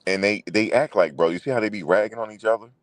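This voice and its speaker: Man, very low voice, casual sports talk, profane and repetitive, dry recording. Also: fast talker, no echo. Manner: loose, profane, repetitive, talks to viewers directly. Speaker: sports show host.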